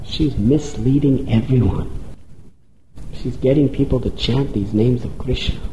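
A man voicing a bandit chief, gruff when scheming and wailing high when he begs. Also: measured pace, dark tone, highs cut off, slight background noise, lightly acted. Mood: menacing. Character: bandit chief, male, proud then terrified. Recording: roomy echo.

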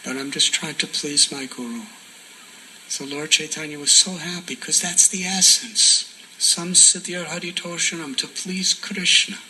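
A man giving a sermon as a devotional story, soft-spoken and often dropping to a near whisper for emphasis. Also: a little high, fairly even intonation, measured pace, slight background noise, poor audio. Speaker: spiritual teacher.

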